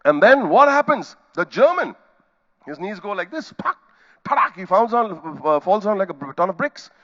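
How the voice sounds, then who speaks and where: Animated Indian man telling a story on stage. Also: high voice, moderate pace, muffled recording. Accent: Indian English. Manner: animated storyteller acting out scenes with sound effects and quoted voices. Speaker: keynote speaker. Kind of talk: storytelling keynote speech. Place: conference hall stage.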